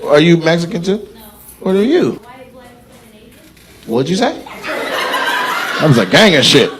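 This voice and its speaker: A man's voice: fairly high pitch, big pitch swings, slow pace, background noise. A man doing stand-up crowd work on a club stage, teasing audience members in loose, slangy banter. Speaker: stand-up comedian. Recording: live club recording, loud crowd laughter.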